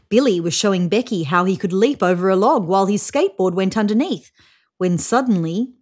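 Woman reading a picture book aloud, mid pitch, very animated intonation. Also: normal speed. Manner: expressive, lively reading. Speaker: children's book reader. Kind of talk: read-aloud storybook narration.

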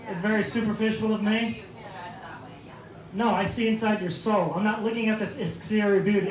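A male stand-up comedian on a club stage, mocking and combative, shouting insults at hecklers. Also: high voice. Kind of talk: stand-up set turning into shouting match. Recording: echoey club with crowd noise.

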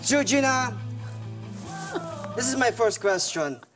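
A man's voice: very high-pitched, lively intonation, slow, over music, heavily acted. A man playing a flamboyant talk-show host in a comedy sketch, speaking with a Filipino accent in a playful, hammy way. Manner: playful, hammy, switches between English and Tagalog. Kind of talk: comedic mock interview.

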